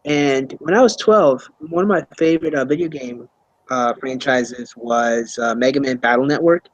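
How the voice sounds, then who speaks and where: A young man talks through his answers in a loose, unhurried ramble, circling back with fillers and repeated starts. His voice sits at an ordinary middle pitch. The recording is dry and close, with no room sound around him. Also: dry recording, muffled recording. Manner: rambling, hesitant, many fillers and restarts. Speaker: YouTuber being interviewed. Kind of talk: casual interview answers.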